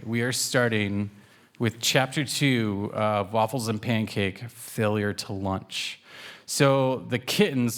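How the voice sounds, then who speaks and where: A man's voice: mid-range voice, fairly bright tone. A man who writes and illustrates children's books, talking enthusiastically in a radio interview and reading from his book. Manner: enthusiastic, chatty with fillers.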